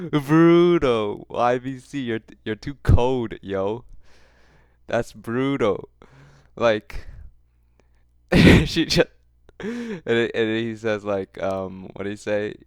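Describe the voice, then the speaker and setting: Mocking man with a smooth, dry voice. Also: medium pitch, lively intonation, slow, pauses often, darkish tone, no echo. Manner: mocking, laughs often, repeats phrases for effect. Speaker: commentary host. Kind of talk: reaction commentary.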